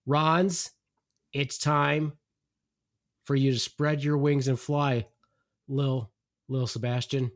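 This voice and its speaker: A man's voice: medium pitch, little pitch movement, takes it slowly, long pauses. A man hosting a podcast livestream, teasing and announcing in a mock-grand way. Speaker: podcast host. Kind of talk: casual livestream banter.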